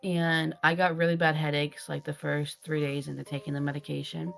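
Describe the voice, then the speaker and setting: A woman's voice: deep voice, little pitch movement, a little fast, creaky, a bit bright, soft background music. A woman co-hosting a podcast, talking in a candid, earnest and reflective way with some hesitation. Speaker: podcast co-host. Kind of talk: candid casual chat.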